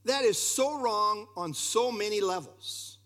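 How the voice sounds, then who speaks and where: A man's voice: sits high, slow, a bit bright. A man preaching a sermon, emphatic and putting questions straight to his listeners. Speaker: pastor.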